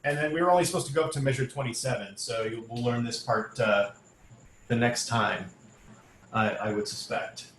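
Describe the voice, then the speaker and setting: In an echoey room with slight background noise, a choir director speaks through a video call in a mid-range, fairly bright voice at a moderate pace. He leads the online rehearsal by explaining diction and singing brief phrases to demonstrate.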